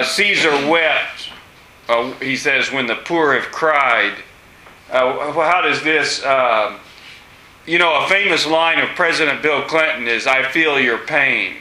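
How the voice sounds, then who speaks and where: A man teaching a class, asking students questions with many pauses and fillers. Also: medium pitch, bright, forceful tone. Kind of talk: classroom discussion lesson. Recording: echoey room.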